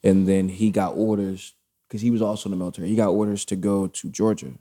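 A man's voice: deep voice, level tone, fast talker, mellow, husky. A man in a casual chat, telling a long personal story in a rambling way, full of fillers and swearing. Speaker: podcast guest telling a story.

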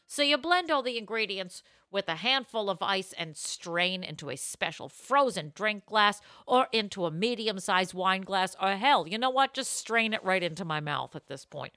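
Bright-voiced joking woman host. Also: medium pitch, expressive, moderate pace, few pauses, no room sound, studio quality. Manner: playful, wisecracking, swears casually. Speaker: podcast host. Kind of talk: casual chat, cocktail tasting. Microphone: video call.

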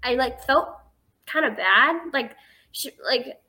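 A woman's voice: high voice, lively intonation, slow, sharp tone. An eighteen-year-old woman telling a story as a guest in a casual interview, chatty and filling her speech with "like".

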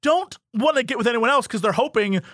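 A man co-hosting a podcast in casual chat, animated, acting out quotes in different voices. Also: very high-pitched, a little fast, no room sound, clean studio sound. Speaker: podcast co-host.

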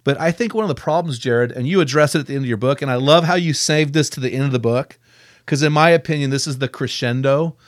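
A man's voice: mid-range voice, fast, no echo. A man hosting a podcast interview, speaking with easy enthusiasm and a mid-range voice. The sound is dry and close, with no room around him. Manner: enthusiastic, quotes authors often. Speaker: podcast host.

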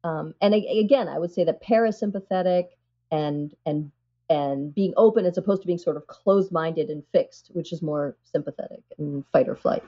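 A woman's voice: sits low, moderate pace, husky, dull audio. A woman psychiatrist, a guest on an interview show, explaining things earnestly and with animation, often saying "you know".

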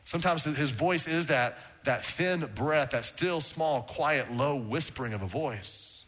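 Man, pastor, sermon, forceful bright tone, emphatic then hushed. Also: a little slow. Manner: rises in pitch for emphasis, drops to a hushed low tone. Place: church sanctuary with congregation. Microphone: handheld or stand microphone.

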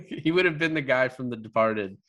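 A man in a relaxed movie review chat. He rambles, restarts his sentences and fills the gaps with ums and likes. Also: medium pitch, moderate pace, muffled recording. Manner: rambling, many fillers and restarts, laughs often. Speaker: podcast co-host.

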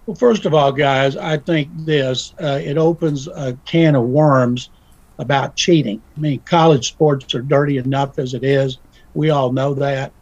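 Gravelly man on a dull line. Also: mid-range voice, steady tone, a little slow, darkish tone, no echo. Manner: folksy, acts out quoted voices in his story. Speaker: guest commentator. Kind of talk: casual radio talk.

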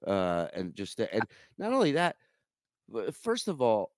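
Picture a man in his forties telling a comic travel story on his podcast, swearing freely and slipping into the voices of everyone in it. His pitch swings widely as he talks, and the sound is dry and close. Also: unhurried, no echo. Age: 40s. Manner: animated, profane, acts out quoted people. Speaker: podcast host. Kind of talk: comedic storytelling.

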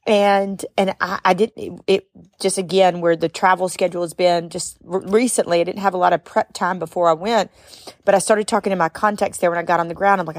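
A middle-aged woman hosts a podcast and tells a heartfelt personal story, getting tearful and breaking into high exclamations. Her voice sits a little low. The sound is dry and close, with no room echo. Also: fairly quick. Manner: expressive, tearful at times, rising to high exclamations. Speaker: podcast host and speaker. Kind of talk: emotional storytelling monologue.

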